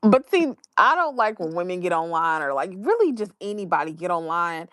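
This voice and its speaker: A woman's voice: fairly low pitch, sing-song, a little fast, a bit bright, no room sound, studio quality. A woman co-hosting a podcast in casual chat, laughing easily and reacting in short remarks. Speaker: podcast co-host.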